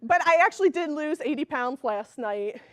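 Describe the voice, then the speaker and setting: Woman talk-show host, high voice, upbeat joking delivery. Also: expressive, normal speed, no echo. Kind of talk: comedic show opening.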